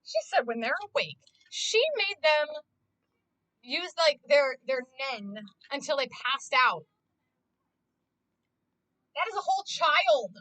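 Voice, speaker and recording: A young woman streaming from home, her voice set high and swooping all over the place. The tone is bright and sharp, and she rants in a loose, foul-mouthed way into a desk mic. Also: slow, long pauses, low-quality recording. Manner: animated, profane ranting. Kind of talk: casual live-stream commentary.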